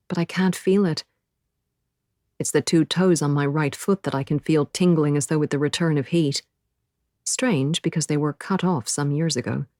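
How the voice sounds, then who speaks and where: A woman's voice: deep voice, a little mellow, no echo, studio quality. A woman narrating a novel in the first person, with an intense, breathless inner-monologue delivery. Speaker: audiobook narrator.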